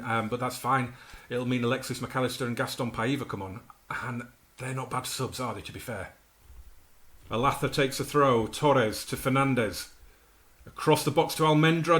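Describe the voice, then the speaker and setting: A man casually narrating his own football management game, with chatty asides and sudden excited outbursts over the action. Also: medium pitch. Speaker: gaming YouTuber. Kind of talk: commentating his own video game playthrough.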